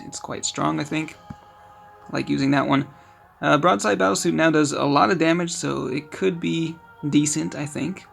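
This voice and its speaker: Gravelly man reviewing cards offhand. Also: on the high side, a bit bright. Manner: quick offhand verdicts, many fillers. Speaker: card game video creator. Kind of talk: casual card-by-card review.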